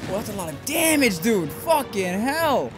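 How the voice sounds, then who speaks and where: A man's voice: big pitch swings, a little slow. Yelping, swearing gamer man. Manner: swears often, swings from low grumbling to high yelps. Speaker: gameplay commentator. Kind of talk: let's-play commentary. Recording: game music loud behind voice.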